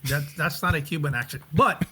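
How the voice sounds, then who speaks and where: A man being interviewed about his acting work, talking in a reflective, casual way and often pausing to find his words. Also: on the high side, pushed and bright, a little hiss or hum. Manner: reflective, searching for words, restarts. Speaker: actor and director, guest.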